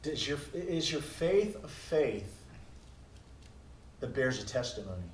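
A man preaching a sermon as pastor, moving between quiet musing and loud, emphatic declarations. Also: mid-range voice, sing-song, slow, a little hiss or hum. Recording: echoey room heard from a distance.

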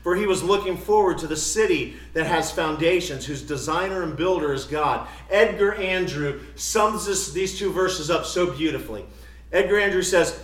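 A middle-aged man preaching a sermon as a pastor, emphatic, rising to loud declarations and dropping to quiet personal asides. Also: fairly high pitch, normal speed, recorded from a distance. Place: church sanctuary. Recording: roomy church echo.

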